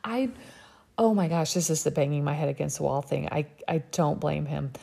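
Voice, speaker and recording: A woman giving a casual recap of a reality TV episode, animated and exasperated. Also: normal speed. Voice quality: low, creaky and husky. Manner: animated, exasperated, quotes people in raised voice.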